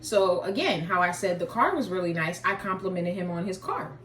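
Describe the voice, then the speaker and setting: A woman's voice: on the low side, a little fast, a bit bright, roomy sound, far from the mic. A woman vlogger telling a casual story while eating, in a chatty, slangy way.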